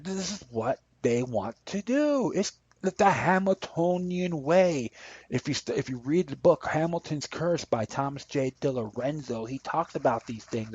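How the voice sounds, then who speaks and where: A man's voice: mid-range voice, a little mellow, husky, no room sound. A man hosting a podcast, giving rambling, impassioned political commentary and reading articles aloud. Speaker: podcast host. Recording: dull lo-fi dry recording.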